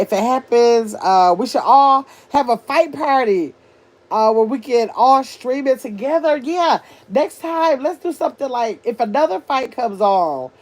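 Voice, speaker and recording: An older woman hosting a casual livestream, chatting with her viewers and reading their comments aloud as she thinks out loud. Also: medium pitch. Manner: chatty, animated, thinks out loud, addresses chat as y'all. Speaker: livestream host reading chat.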